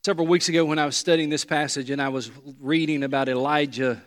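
A pastor preaching a sermon to a congregation, talking earnestly and repeating words for emphasis. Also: male voice, on the high side, steady tone, quick pace. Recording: long reverb of a large hall.

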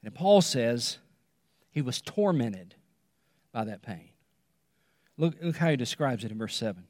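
A male pastor preaching a sermon, repeating phrases for emphasis and dropping to a hush on key words. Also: medium pitch, very animated, no echo, studio quality, in a large hall. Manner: dramatic pauses, repetition, drops to a hush on key words.

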